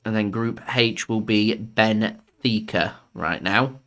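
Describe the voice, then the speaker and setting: Fairly bright but on the low side, this young man's voice moves slowly as he runs a fan channel's live football watchalong. He follows the match with chatty, jokey commentary, laughing a lot and swearing.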